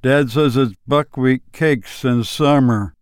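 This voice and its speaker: A man putting on a slow-drawling backwoods boy. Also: mid-range voice, clean tone, no room sound, clean studio sound, close to an everyday voice. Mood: matter-of-fact. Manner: slow drawling rural speech, flat and unbothered. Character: lonely backwoods boy, plain and matter-of-fact.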